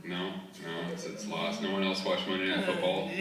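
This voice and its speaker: Brief: male stand-up comic, sarcastic and chatty, bright voice, recorded from afar in an echoey theater. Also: deep voice, little pitch movement, normal speed, faint music behind. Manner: sarcastic, conversational. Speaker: stand-up comedian. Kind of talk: stand-up comedy set. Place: theater stage. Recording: roomy, distant audience recording.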